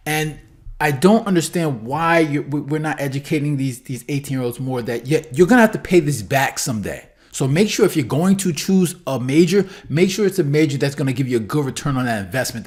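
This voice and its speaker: A man at a middle pitch talks through his opinions in a relaxed commentary video. He circles back to his points and keeps asking "right?". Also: fairly quick. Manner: opinionated, repetitive, says "right?" a lot. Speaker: political commentary video host. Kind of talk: casual commentary.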